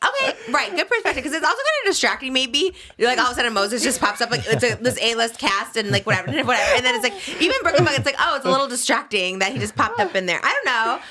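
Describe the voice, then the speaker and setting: Podcast host, woman, thirties, lively pitch, bright tone, playful chatter. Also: fast talker, hardly any pauses. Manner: animated, laughing often, playful. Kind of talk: casual chat.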